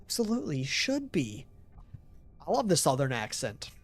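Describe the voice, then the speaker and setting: A young American man talks casually while playing a game, answering his viewers. His voice sits a bit high. He rambles and laughs easily as he chats. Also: wildly swooping pitch, moderate pace, dry recording. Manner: chatty and rambling, laughing often. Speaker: game streamer.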